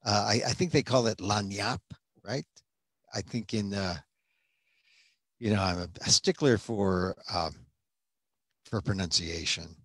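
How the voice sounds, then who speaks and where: A man's voice: fairly low pitch, measured pace, pauses often, fairly bright tone, slightly rough, dry recording. A man hosting a casual livestream as a museum director, chatty and rambling, with many fillers and restarts. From United States.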